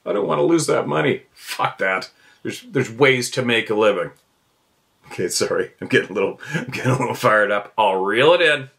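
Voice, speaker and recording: Man, host, fired-up rant, blunt, profane, repetitive, sharp forceful voice. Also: lowish voice, moderate pace. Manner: blunt and profane, repeats himself. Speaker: podcast host. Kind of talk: fired-up ranting monologue.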